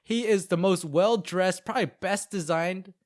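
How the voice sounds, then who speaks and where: Chatty young man recapping anime. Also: high-pitched. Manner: chatty storyteller, many "like"s and quick asides. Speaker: podcast co-host. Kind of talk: casual anime recap chat.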